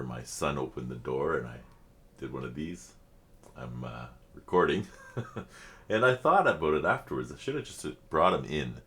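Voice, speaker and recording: A middle-aged man with an extremely low, deep voice chats casually and reflectively to his viewers. He speaks in a halting, heartfelt way, pausing and restarting often. He is openly emotional as he shares his thoughts. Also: a bit bright, slight background noise. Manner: halting, many fillers and restarts. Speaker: reaction video host.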